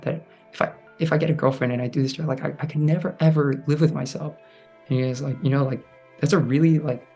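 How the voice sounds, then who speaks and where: A man's voice: medium pitch, creaky. A young man in his twenties recounting a personal experience, acting out what people said with many fillers. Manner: animated, acts out quoted voices with fillers. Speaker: guest telling his story. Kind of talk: personal storytelling to camera.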